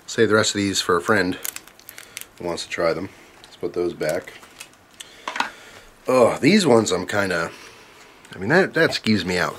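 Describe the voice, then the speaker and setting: A man's voice: fairly low pitch, expressive, normal speed, pauses often, fairly bright tone, a little hiss or hum. A young man vlogging at home, chatting wryly as he tastes bugs and talks to his dog. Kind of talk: casual vlog, tasting food on camera. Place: indoors at home, camera on tripod.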